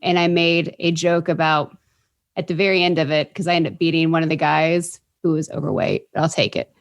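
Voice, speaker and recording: A woman's voice: low-pitched, fairly quick, creaky. A woman guest in a casual interview, telling quirky, bubbly stories. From Indianapolis, US. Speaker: podcast guest.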